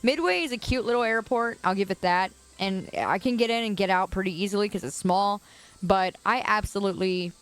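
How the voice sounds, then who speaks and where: A young woman from the Chicago area livestreams from a suburban curb outdoors. She talks at a middle pitch, chatty and loose, breaking into laughs as she answers her viewers. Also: a little fast. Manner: chatty, laughs often, answers chat comments. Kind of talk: casual chat with viewers.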